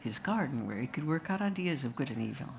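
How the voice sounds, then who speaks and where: A woman's voice: low-pitched, animated, fast talker, vocal fry, darkish tone, a little hiss or hum. A woman telling a wry, digressive story to a festival audience and slipping into voices now and then. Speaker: filmmaker answering questions.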